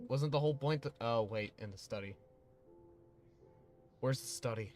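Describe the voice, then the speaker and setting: A man's voice: mid-range voice, moderate pace, pauses often, a little mellow, faint music behind. Chatty male gaming streamer. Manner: chatty, rambling, uses many fillers. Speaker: gaming livestreamer. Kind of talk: casual livestream commentary.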